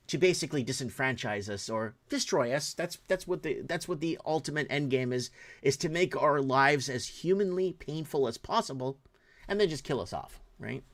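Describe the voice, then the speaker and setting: A man's voice: medium pitch, fairly bright tone. A middle-aged man hosting his own podcast, talking in a rambling, heated way and firing off rhetorical questions. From Portugal, raised in Toronto area. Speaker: podcast host. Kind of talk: casual live-stream commentary.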